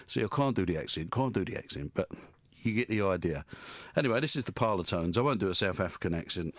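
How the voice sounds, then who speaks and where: A man's voice: sits low, animated, fast talker, hardly any pauses, dry recording. A male radio presenter chatting casually in a studio, rambling and joking and laughing at his own quips.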